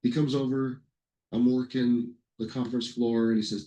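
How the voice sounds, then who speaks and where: A middle-aged man presenting a software webinar in a casual, rambling way, telling anecdotes with lots of fillers and self-corrections. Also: mid-range voice, level tone, moderate pace, rough recording.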